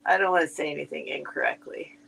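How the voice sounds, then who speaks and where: Female co-host with a creaky voice; casual, musing sale-stream chatter. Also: sits low, animated, fast, a bit bright, a little hiss or hum, poor audio. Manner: chatty, musing aloud about items. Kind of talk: live-stream sale chat.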